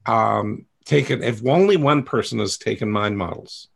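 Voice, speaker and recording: Male coach-host, gravelly and husky, candid and rambling, self-mocking. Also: lowish voice, moderate pace. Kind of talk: coaching talk to a group.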